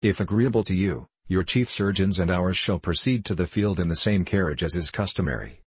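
A man reading aloud plays a formal, courteous gentleman delivering terms with stiff politeness. The voice is low and husky, recorded dry and close. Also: fairly quick, dry recording. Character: formal, courteous gentleman acting as duel second.

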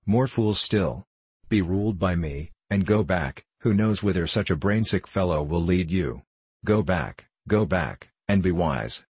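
Stubborn scoffing neighbor read by a man, low husky voice, bossy. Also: animated, unhurried, a little mellow, no echo, full character voice. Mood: scornful. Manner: scoffing, bossy old-fashioned speech. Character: stubborn scornful male neighbor, grown man. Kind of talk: storybook reading.

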